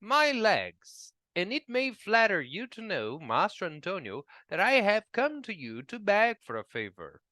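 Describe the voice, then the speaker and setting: A man plays a fiery little old woodcarver in a storybook reading, his voice climbing high and lively. He bristles at every slight and swings into shrill indignation. The recording is close and dry. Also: a little slow, few pauses, no echo, heavily acted. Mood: pleading, eager. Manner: indignant, shrill when angry.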